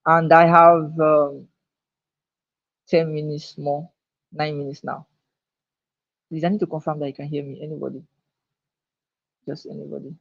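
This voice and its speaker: Male teacher, husky voice, emphatic and repetitive, dull-sounding live-stream recording. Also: a little high, little pitch movement, a little slow, long pauses. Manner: emphatic, repeats key phrases. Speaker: online teacher. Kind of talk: live online lecture. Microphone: own microphone, recorded on camera.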